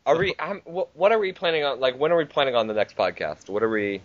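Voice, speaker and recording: A man's voice: medium pitch, expressive, quick pace, dry recording, highs cut off. Crude, casual male podcaster. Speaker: podcast co-host. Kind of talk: casual chat.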